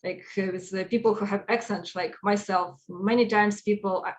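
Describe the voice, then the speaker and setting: A woman's voice: mid-range voice, steady tone, normal speed. A woman with an Eastern European accent speaking at an online conference and answering questions, with lots of fillers and restarts. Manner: many fillers and restarts, emotional. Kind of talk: online talk and Q&A. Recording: dull lo-fi video call audio.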